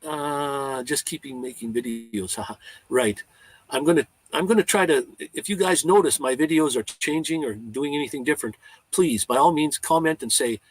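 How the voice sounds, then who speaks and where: Husky man, live-stream host, rambling heartfelt chat, dry close sound. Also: fairly high pitch, animated, normal speed, dry recording, poor audio. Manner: rambling and heartfelt, with many restarts and stammers. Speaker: vlogger hosting a live chat.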